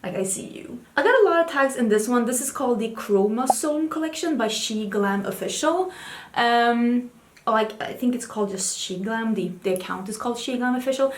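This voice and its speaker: A woman beauty vlogger chats casually and candidly about new makeup releases, switching to a high baby voice to talk to her cat. She speaks at a moderate pace, and the sound is reverberant.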